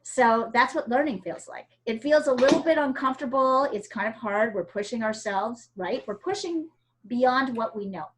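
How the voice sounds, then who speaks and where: A woman's voice: on the high side, moderate pace, a little hiss or hum. A woman from the United States teaching an art class over a video call, chatty and encouraging, with frequent fillers.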